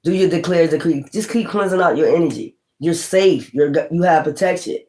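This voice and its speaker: A woman's voice: lowish voice, brisk, warm tone, poor audio. A woman hosting a live stream as a tarot reader, rambling casually and talking straight to her viewers.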